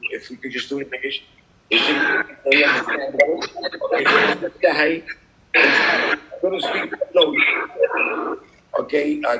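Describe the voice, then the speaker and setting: Man hosting a call over a noisy laptop. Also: a little high. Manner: halting, switches between English and Spanish. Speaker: meeting host. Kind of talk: online video call chat. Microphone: laptop on a video call. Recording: noisy damaged laptop speaker.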